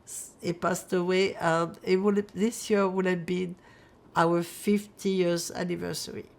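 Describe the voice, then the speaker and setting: An older woman from France speaks slowly in a reflective, halting way, pausing on fillers as she gathers her thoughts. Her voice is low and gravelly, with a rough fry at the ends of her phrases. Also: level tone, darkish tone. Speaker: Holocaust survivor interviewee. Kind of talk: oral history testimony.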